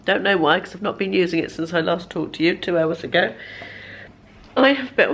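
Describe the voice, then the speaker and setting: Woman, 50s, vlogger with a cold; hoarse, gravelly, rambling home chat into a camera mic. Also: fairly low pitch, expressive, a little fast, fairly bright tone. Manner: chatty, self-deprecating, rambling. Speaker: lifestyle vlogger. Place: bedroom at home.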